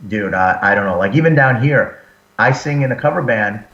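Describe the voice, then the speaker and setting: Animated man talking shop, roomy lo-fi line. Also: fairly low pitch, a little fast. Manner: animated storyteller, acts out quotes. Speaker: band singer and frontman, guest. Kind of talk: casual interview chat. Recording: roomy, dull lo-fi sound.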